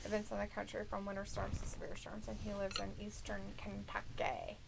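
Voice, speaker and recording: A woman's voice: medium pitch, monotone, fairly quick, gravelly, slight background noise, low-quality recording. A woman co-hosting a casual livestream at home, reading viewer comments aloud in a teasing, giggly way. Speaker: livestream co-host.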